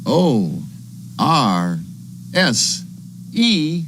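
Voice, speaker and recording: A man teaching young children animal names, spelling each word slowly letter by letter and making animal sounds. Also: on the high side, big pitch swings, noisy background.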